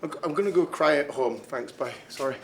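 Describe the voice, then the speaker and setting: A man's voice: fairly high pitch, fairly quick, gravelly, fairly bright tone. Tearful stammering man in a promo. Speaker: wrestler giving a backstage promo. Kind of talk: emotional wrestling promo.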